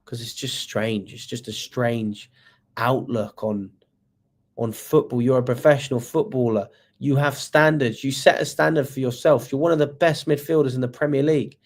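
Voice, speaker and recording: A man's voice: mid-range voice, fairly even intonation, normal speed. A man hosting a football fan channel, giving a live match review and reading out viewer comments, exasperated and swearing, firing off rhetorical questions.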